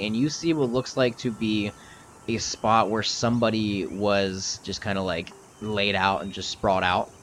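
Brief: male game master, rambling casual narration, low voice. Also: a little hiss or hum. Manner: loose, filler-heavy narration. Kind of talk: narrating a tabletop game podcast.

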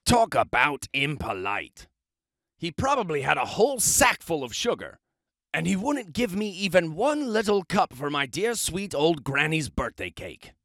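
A man reads a children's storybook aloud, his pitch swinging animatedly as he chats his way through it. He sounds expressive and a little self-justifying. The sound is close and dry. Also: unhurried, no echo. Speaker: storybook reader. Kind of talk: children's book read-aloud, first-person wolf narration.

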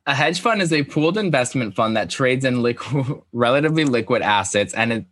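A man co-hosting a casual chat, relaxed and joking, swearing freely. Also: mid-range voice, fairly quick, no room sound. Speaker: podcast co-host.

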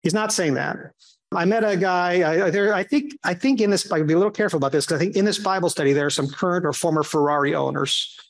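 A man leading a conversational Bible study, animated and given to asides and restarts, who acts out quotes in shifting voices. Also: sits high, fast, creaky.

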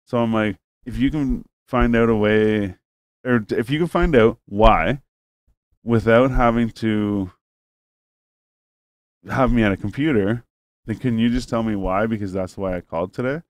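A man's voice: fairly low pitch, a little slow, dry recording, studio quality. A man telling a long, rambling story in casual chat, cursing freely and acting out both sides of a phone call.

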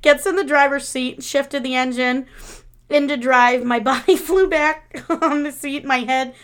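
A woman's voice: high voice, measured pace. A woman in her thirties co-hosting a casual podcast, telling stories and laughing through them. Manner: laughs through stories, animated when quoting. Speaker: podcast co-host. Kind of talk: casual chat, storytelling.

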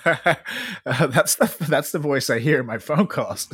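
A man's voice: fairly high pitch, lively intonation, unhurried, fairly bright tone, breathy edge, no echo. A man co-hosting a podcast, giggling through casual comedic banter and sing-song openers. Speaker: podcast co-host.

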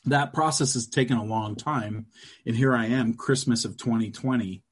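A man's voice: medium pitch, moderate pace, slight background noise. A middle-aged man, a guest on a podcast, chatting casually in a loose, crude storytelling way. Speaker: guest, comic book creator.

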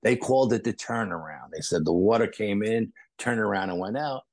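A middle-aged man, telling a story as a podcast guest, animated and repeating phrases for emphasis. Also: on the low side, brisk, dry recording. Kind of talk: storytelling in casual conversation.

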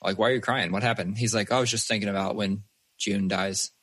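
A man, a father and podcast co-host, chatting casually and telling animated stories with plenty of swearing. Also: on the low side, fast talker, breathy edge. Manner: swears freely, animated storyteller. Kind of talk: casual chat.

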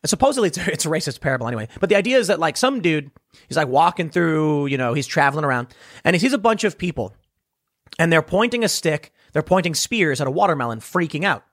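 A man's voice: fairly high pitch, sing-song, quick pace, fairly bright tone, no echo, studio quality. A man delivering an opinionated monologue commentary, talking emphatically with restarts and rhetorical questions. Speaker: political commentator.

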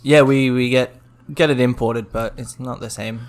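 Male Australian guest, relaxed and slightly hesitant, plain mid voice. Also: medium pitch, normal speed. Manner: easygoing, modest, a bit hesitant. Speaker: podcast guest. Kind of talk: casual chat.

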